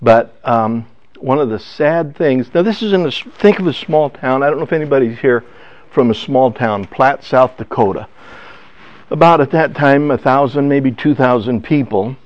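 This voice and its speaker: An older man telling a family story in a personal testimony talk, halting and emotional, with many restarts. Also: mid-range voice, no room sound. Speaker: speaker. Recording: dull lo-fi sound.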